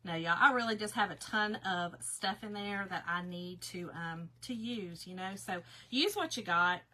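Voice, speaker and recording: A woman's voice: medium pitch, animated, moderate pace, bright, forceful tone, a little hiss or hum. A woman hosting a casual craft livestream, chatting to viewers and reading their comments aloud, stumbling over words because her mouth is sore.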